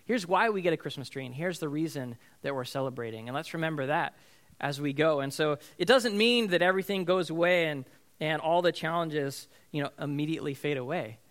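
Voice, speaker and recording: A man's voice: on the high side, brisk, a bit bright. A man in his thirties, a pastor, preaching in a conversational storytelling way and often asking his listeners "right?". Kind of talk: sermon.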